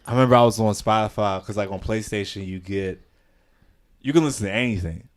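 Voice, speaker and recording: Smooth-voiced laid-back young man. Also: on the low side, quick pace. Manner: laid-back, quips and reactions. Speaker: podcast co-host. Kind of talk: casual chat.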